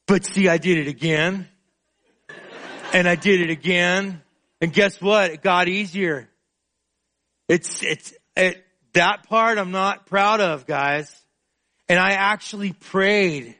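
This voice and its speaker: A male preacher giving a sermon in an emotional, confessional way, often breaking into drawn-out spoken prayer. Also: high voice, bright, forceful tone. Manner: emotional and confessional, praying aloud in drawn-out phrases.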